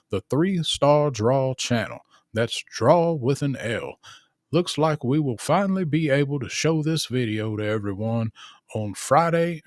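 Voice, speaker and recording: Guy hosting a mock newscast, announcer-ish and steady, very dry mic. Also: mid-range voice, dry recording. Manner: announcer-like, deliberate. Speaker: news anchor host. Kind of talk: parody news anchoring.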